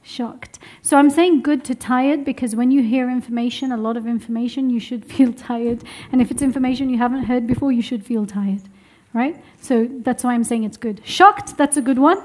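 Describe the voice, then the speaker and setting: Young woman workshop teacher, high voice, upbeat and encouraging with a room of students. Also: normal speed, few pauses. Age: young adult. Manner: lively, encouraging, laughs often. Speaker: womb health teacher. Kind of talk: workshop teaching to a live group. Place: room with a seated group.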